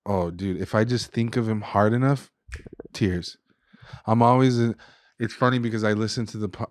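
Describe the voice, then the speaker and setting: A man's voice: on the low side, darkish tone, dry recording, clean studio sound. A young man, a chef and restaurant guest, telling an emotional personal story in a casual way, full of "dude" and "like". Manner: casual, says "dude" and "like" often.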